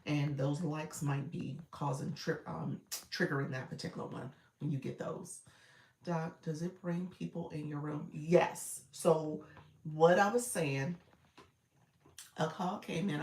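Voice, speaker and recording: A woman, coaching casually on a live stream, reading viewer comments, laughing often and calling her audience y'all. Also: fairly low pitch. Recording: roomy echo, a bit far from the mic.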